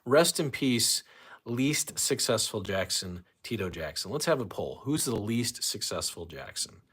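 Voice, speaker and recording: Ranting profane man, lively voice. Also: on the low side, measured pace, slightly rough. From St. Louis, USA. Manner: ranting, profane, reads chat aloud. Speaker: livestream host. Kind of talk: casual livestream chat.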